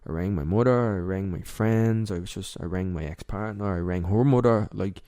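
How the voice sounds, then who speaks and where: Deep-voiced young Irish man, candid. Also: warm tone, no echo, studio quality. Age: young adult. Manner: candid, emotional, halting. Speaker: podcast guest. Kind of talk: personal storytelling in interview.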